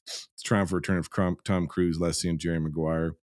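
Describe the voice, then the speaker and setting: A man's voice: deep voice, flat delivery, moderate pace, a little mellow, no echo, studio quality. A man hosting a film review podcast in casual chat, with a profane, ranting, sardonic way of talking. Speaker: podcast host reviewing films.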